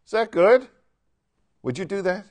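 An animated man leads a Bible class and talks through the reading in a casual, conversational way. He keeps asking his listeners questions and acts out the quoted lines as he goes. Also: high voice, measured pace. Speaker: Bible teacher.

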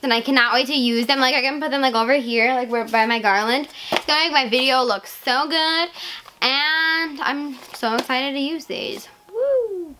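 A teenage girl vlogging casually to camera, gushing and excitable, full of "like" and "legit.". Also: high voice, moderate pace, a little hiss or hum. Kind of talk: casual haul vlog.

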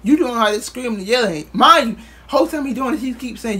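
A man's voice: very high-pitched, expressive, a little fast, bright, forceful tone, slightly rough. A man vlogger telling a casual storytime in loose, profane street talk, acting out what others said.

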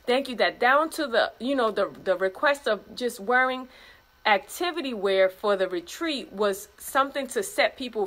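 A woman's voice: mid-range voice, fairly bright tone. Effusive woman sharing a retreat recap. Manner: effusive, reads messages aloud with praise exclamations. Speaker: retreat organizer. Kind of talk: casual recap vlog.

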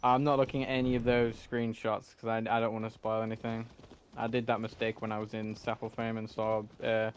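A man's voice: on the low side, completely flat delivery, brisk, smooth. Rambling, foul-mouthed gamer guy. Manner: rambling, swears freely, thinks aloud. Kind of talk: casual gameplay commentary.

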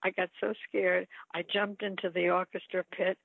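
A woman's voice: fairly low pitch, little pitch movement, moderate pace, gravelly, breathy edge, no echo. An older woman, an actress, telling playful anecdotes in an interview. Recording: phone-like line, dry.

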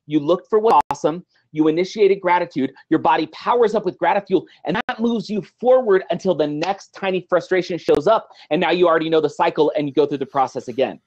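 A middle-aged man, a guest on an interview show, talking in an animated, motivational way and acting out little everyday scenes. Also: on the high side, highs cut off.

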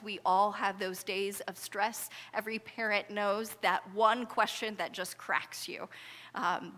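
A woman pastor preaching an earnest sermon, unhurried and deliberate. Her voice is bright and clear. It rings out in a church sanctuary with a long, lingering reverb. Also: medium pitch. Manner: earnest, conversational preaching with rising intensity in quotes.

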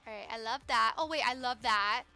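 A young woman streamer chats excitedly with her viewers, gushing over everything she finds. Her voice sits high and sounds bright and sharp. Faint music plays in the background. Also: a little fast. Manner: excitable, gushing, talks to chat. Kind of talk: live game stream chat.

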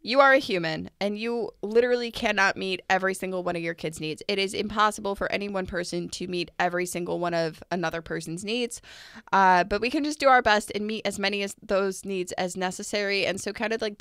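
A woman co-hosting a podcast in casual conversation, earnest and animated, with many "like" fillers. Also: mid-range voice, a little fast, clean tone, no room sound, clean studio sound. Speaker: podcast co-host.

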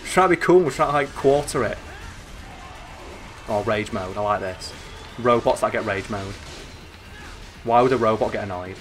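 Sweary excitable man gaming. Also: on the low side, normal speed, pauses often, soft background music. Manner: excitable, sweary, jokey asides. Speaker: gaming channel host. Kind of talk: let's play commentary.

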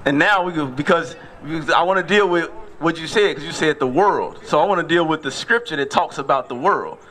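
Man, street preacher, insistent questioning, slightly high pitch, bright tone. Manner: questioning, insistent teacher, repeats scripture slowly.

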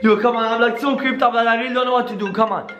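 A young man hosting a prank-call skit vlog, excitable and constantly saying "yo" and "guys". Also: extremely high pitch, racing, faint music behind. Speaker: YouTuber.

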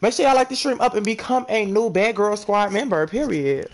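A man hosting a casual gaming stream, loud and playful with constant trash talk. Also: high-pitched, brisk.

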